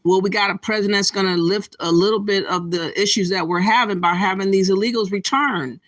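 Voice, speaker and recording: A man gives earnest casual commentary, emphatic and now and then hesitating. His voice sits a little high for a man. The sound is dry and close. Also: steady tone, a little fast, fairly bright tone, no echo. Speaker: commentary co-host.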